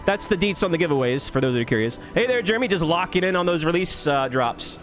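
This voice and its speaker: Man, high voice, live stream host, upbeat greetings, soft music underneath. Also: expressive. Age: adult. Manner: upbeat, rapid shout-outs with laughs. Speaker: YouTube streamer.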